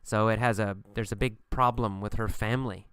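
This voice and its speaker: A man's voice: on the low side, brisk, clean tone, dry recording. Male English teacher, home recording, clean resonant voice, dry and close, casual with fillers. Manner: relaxed, many fillers, acts out story lines. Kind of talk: teaching with a story, then casual commentary. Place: bedroom at home.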